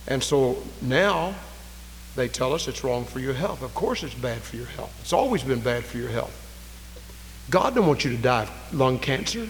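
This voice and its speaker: A man preaching a sermon, fervent, swinging from loud raised cries to low, quiet storytelling. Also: animated, brisk, in a large hall, slight background noise, poor audio. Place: church.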